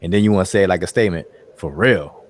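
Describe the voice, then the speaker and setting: A man with a very deep voice leads an online study group. His talk is casual and loose, with repeats and many fillers. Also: fairly even intonation, rapid-fire, darkish tone. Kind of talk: casual discussion.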